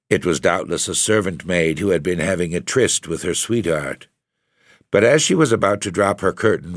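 A man narrating a gothic story with a measured, deliberate reading. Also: low voice, dry recording, clean studio sound. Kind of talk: scripted narration of a gothic tale.

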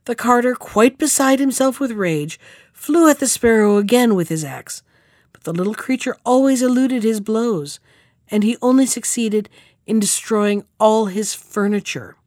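A woman hosting a podcast, reading a fairy tale aloud in a measured, clear way. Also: on the high side, animated, a little mellow, no echo, studio quality. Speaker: podcast storyteller.

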